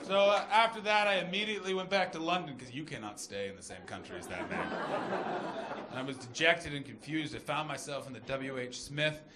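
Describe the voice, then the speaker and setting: A man performing a stand-up comedy set on stage, telling a story with animated delivery and shouted punchlines. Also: a little high, brisk, roomy sound, very noisy. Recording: live club recording with crowd laughter. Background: audience laughing.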